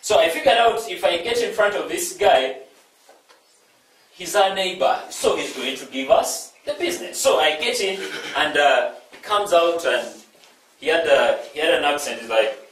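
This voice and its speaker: Animated storyteller man in an echoey hall. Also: a little high, normal speed. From East Africa. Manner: animated, repeats phrases, asks the audience questions. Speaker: inspirational speaker. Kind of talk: storytelling talk to a live audience. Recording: very echoey hall, speaker far from mic, faint noise.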